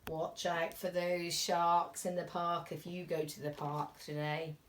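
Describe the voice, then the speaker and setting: A woman teacher reading a picture book aloud to young children, animated and expressive, dropping to whispers at tense moments. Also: lowish voice, unhurried, a little hiss or hum. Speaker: reception class teacher.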